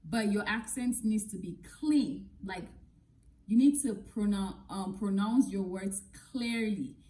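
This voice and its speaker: A woman's voice: medium pitch, takes it slowly, mellow, low-quality recording. A woman from Nigeria who works as an English teacher, giving frank, direct advice to camera in a casual vlog.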